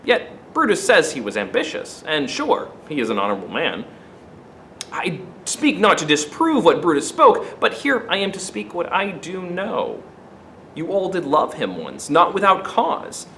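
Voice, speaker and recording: A man voicing a grieving Roman orator, reciting his funeral speech in a soft, measured way. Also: high-pitched, huge pitch swings, slight background noise, heavily acted, rough recording. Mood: hushed, persuasive. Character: grieving Roman orator, male, quietly persuasive.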